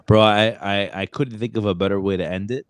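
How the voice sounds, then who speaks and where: A man with a lowish voice hosts a casual podcast chat. He rambles through a story, full of fillers and restarts. The sound is dry and close. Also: steady tone, brisk, clear, resonant tone, no room sound. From Brooklyn, New York. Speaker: podcast host.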